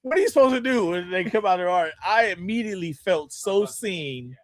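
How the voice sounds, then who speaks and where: A man, a sports columnist telling a story in casual chat, animated and laughing as he acts out quotes. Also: high-pitched, a little fast, no echo.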